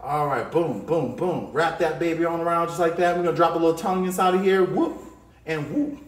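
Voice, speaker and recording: A man leads a children's drawing lesson with a bright, high-pitched voice, full of playful hype and call-outs to the kids. He drops in little sound effects as he draws. The room around him rings with echo. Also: quick pace. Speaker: art teacher. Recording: echoey room.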